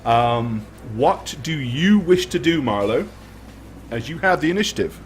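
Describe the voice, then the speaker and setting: A young man running a tabletop game as game master, narrating in vivid, drawn-out descriptions with frequent ums. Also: medium pitch, lively intonation, slight background noise.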